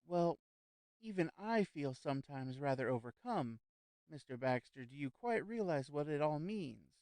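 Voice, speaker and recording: A man's voice: on the high side, lively intonation, normal speed, darkish tone, no echo. A man voicing an anxious, fussy society lady who hesitates and stumbles over her words. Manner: nervous, hesitant, stammering repeats.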